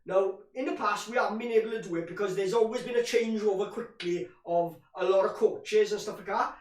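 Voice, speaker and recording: This high-sitting male voice moves fairly quickly as he offers live fan commentary on a match, venting his frustration and calling the audience "boys." The recording sounds roomy and far from the microphone.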